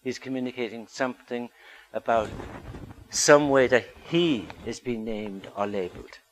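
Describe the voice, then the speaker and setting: A man's voice: medium pitch, normal speed, a little hiss or hum, rough recording. A man giving a public talk as a psychologist, earnest and asking the audience rhetorical questions.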